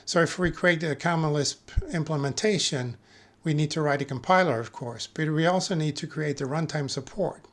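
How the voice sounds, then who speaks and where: A man giving a technical lecture as a conference speaker, measured and careful, pausing often with fillers and correcting himself mid-word. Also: a little high. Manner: measured, with frequent filler pauses and self-corrections.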